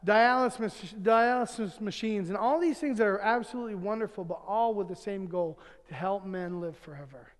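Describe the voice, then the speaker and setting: A man's voice: sits high, clean tone. A middle-aged pastor preaching a sermon, telling humorous family stories and chuckling at his own jokes before turning earnest. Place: church sanctuary. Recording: long church hall reverb.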